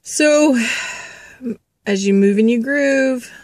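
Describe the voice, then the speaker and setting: A woman's voice: high voice, slow, a little mellow, no echo. A woman doing a spiritual reading vlog, chatty and laughing, passing on a spirit's messages and calling her listeners children. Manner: chatty, laughs and coughs between thoughts. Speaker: intuitive reader.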